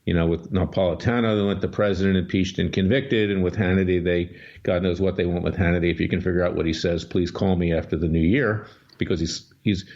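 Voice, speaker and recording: A man hosting political talk radio, lowish voice and an emphatic, combative way of laying out his case. The audio is dull and lo-fi, like an old radio broadcast. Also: a little mellow. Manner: emphatic, combative, scornful delivery. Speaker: radio talk show host and lawyer.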